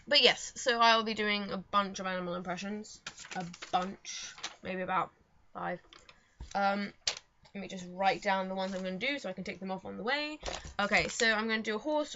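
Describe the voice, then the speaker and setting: A woman's voice: mid-range voice, fairly even intonation, normal speed, sharp tone, a little hiss or hum. A young woman vlogging in casual chat at home, rambling and self-mocking with lots of fillers. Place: home room. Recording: dull lo-fi home recording.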